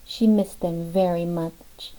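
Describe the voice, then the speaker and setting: Mellow woman reading an audiobook. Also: on the low side, steady tone, takes it slowly, low-quality recording. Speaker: audiobook narrator. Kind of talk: scripted narration.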